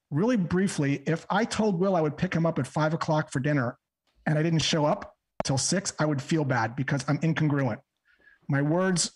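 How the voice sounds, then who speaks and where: Man, sales trainer; calm, measured, methodical; slightly higher, husky voice. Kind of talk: explaining and role-playing a cold call. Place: podcast interview recording.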